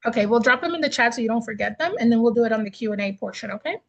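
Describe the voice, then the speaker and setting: A woman's voice: on the high side, expressive, rapid-fire, low-quality recording. A woman teaching an online astrology class, listing terms and then riffing on them with casual examples.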